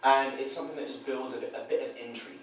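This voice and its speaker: In a quick, medium-pitched voice, a man explains how he works as a dating coach, keeping it casual and animated and acting out quoted scenes in other voices. A distant mic captures a roomy echo and faint noise.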